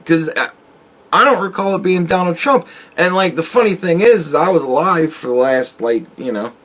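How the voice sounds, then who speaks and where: A man's voice: a little high, normal speed, a bit bright. Profane sarcastic man in his forties. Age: 40s. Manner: profane, sarcastic, talks straight to the viewer. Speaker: YouTube commentator. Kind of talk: ranting political commentary.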